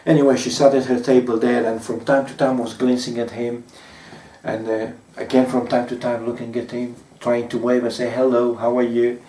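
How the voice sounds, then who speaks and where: A man preaching a sermon in a mellow, darker voice, pausing often and filling gaps as he tells stories. The sound is roomy and echoes, and he stands back from the mic. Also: mid-range voice, flat delivery, recorded from a distance. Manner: measured, warm storytelling with frequent pauses and fillers. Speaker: pastor.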